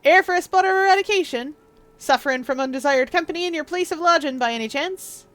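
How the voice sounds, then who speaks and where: A woman's voice: high-pitched, fast, a bit bright, voice pushed up. A woman voicing a boastful, street-wise rat-catcher shopkeeper in a chatty, cheeky manner as she reads a text game aloud.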